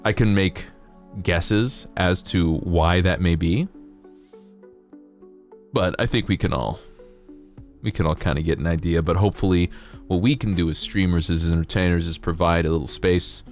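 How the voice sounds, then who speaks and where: A male streamer chatting casually with his viewers, rambling and playful, sometimes jumping into high silly voices. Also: moderate pace, long pauses. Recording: faint music behind.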